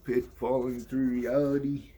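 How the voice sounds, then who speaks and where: A man's voice: medium pitch, little pitch movement, mellow. A man reading a comic book aloud in a casual, offhand way, ad-libbing and swearing between panels. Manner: slow, offhand, swears and ad-libs.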